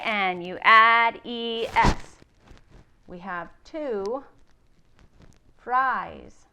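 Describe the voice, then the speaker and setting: A woman teacher giving a recorded class lesson, slowly sounding out spelling rules in a patient, encouraging way. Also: medium pitch, a bit bright. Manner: slow, patient, sounding out words.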